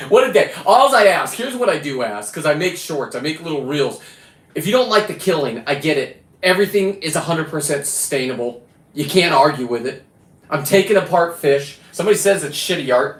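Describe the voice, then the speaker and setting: A middle-aged man from California ranting bluntly and profanely through a rambling livestream monologue. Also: on the high side. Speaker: livestreaming diver and fisherman. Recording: roomy echo.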